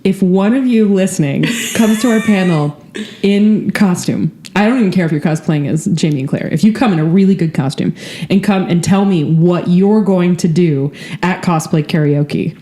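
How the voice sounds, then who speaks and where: Midwest woman podcasting, mellow low-ish voice, chatty and giggly, roomy echo. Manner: chatty, laughs often, quick asides. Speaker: podcast co-host. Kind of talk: casual chat.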